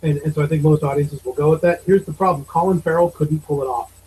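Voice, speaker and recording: This thirties-aged male podcast co-host delivers opinionated, exasperated movie chat with casual swearing. His voice is on the high side and dark-toned, with fairly even intonation and a quick pace, on a rough recording with a little hiss or hum.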